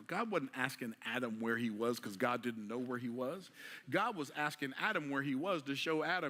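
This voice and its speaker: A man preaching a motivational sermon, asking rhetorical questions in a casual, everyday way and moving between quiet passages and emphatic ones. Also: mid-range voice, animated, moderate pace. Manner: casual vernacular delivery.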